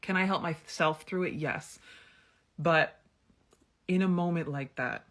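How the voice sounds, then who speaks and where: A woman's voice: low-pitched, measured pace, fairly bright tone. A woman in her thirties tells a candid personal story in a chatty way, full of fillers. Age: 30s. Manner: chatty and frank, many fillers like "like" and "um". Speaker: storyteller vlogger.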